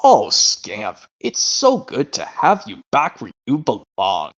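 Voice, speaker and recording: A man puts on a gentle, motherly woman coaxing her pets in a soft, affectionate voice. The line rises and falls in a lively way, and the audio is lo-fi. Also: mid-range voice, takes it slowly, heavily acted. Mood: fond. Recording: lo-fi stream audio.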